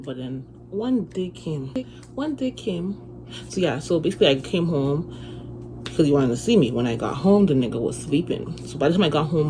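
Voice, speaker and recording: A young woman chatting through a storytime on her phone, profane and animated as she retells it. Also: deep voice. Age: young adult. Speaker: vlogger. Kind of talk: casual storytime vlog. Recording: noisy phone recording with room ambience.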